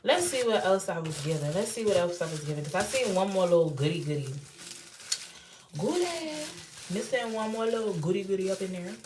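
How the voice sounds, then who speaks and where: A young woman with a D.C. accent, chatting through a casual unboxing in her home bathroom. Her voice sits at an everyday middle pitch. She talks in lively slang and swings widely in pitch and loudness. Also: fairly quick, background noise. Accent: Washington D.C. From Washington, D.C. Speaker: beauty vlogger.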